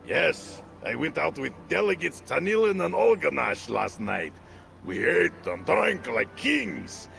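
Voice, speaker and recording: An actor playing a boastful, forgetful male Nord diplomat in a game, speaking in a halting, broken-English accent. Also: fairly high pitch, very animated, creaky, a bit bright, soft background music, exaggerated voice. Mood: pompous. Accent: broken-English put-on accent. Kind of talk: game voice acting.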